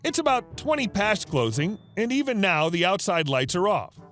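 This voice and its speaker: High-voiced, lively male story narrator. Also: normal speed, faint music behind. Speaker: narrator of reddit stories. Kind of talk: scripted narration.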